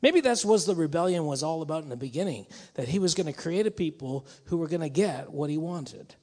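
A man's voice: a little high, lively intonation, a little fast, warm tone. Man preaching in a reverberant hall. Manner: conversational, speculative, rising to emphatic bursts. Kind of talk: sermon.

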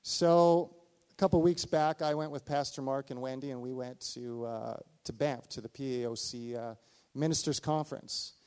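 A middle-aged male pastor preaching a sermon, telling a personal story with animated delivery and acted-out dialogue. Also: mid-range voice, normal speed, smooth.

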